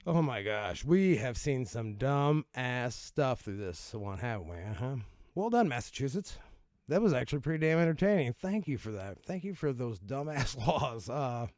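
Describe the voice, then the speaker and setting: A man's voice: medium pitch, a little mellow, no echo. Casual male host, middle voice, cussing and laughing, dry close sound. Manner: casual, swearing, laughing, stumbling over words. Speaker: video host. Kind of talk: casual commentary reading out laws.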